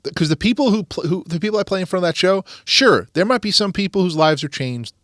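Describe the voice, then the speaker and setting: A man hosting a podcast, telling a story in a lively, rambling way with quick restarts. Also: sits high, dry recording, clean studio sound. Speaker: podcast host. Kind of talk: casual storytelling chat.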